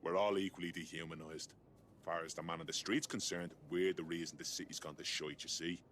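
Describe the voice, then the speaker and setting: An actor playing a weary, jaded detainee with a British accent, talking in a gruff, bitter, confiding way. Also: male voice, sits low, steady tone, fairly quick, fairly bright tone, a little hiss or hum.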